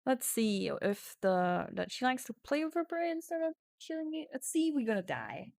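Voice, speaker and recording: A woman's voice: high voice, big pitch swings, normal speed, vocal fry, a little mellow, no echo. A woman streaming a text adventure game, reading the story aloud with casual swearing and sudden drops into whispers.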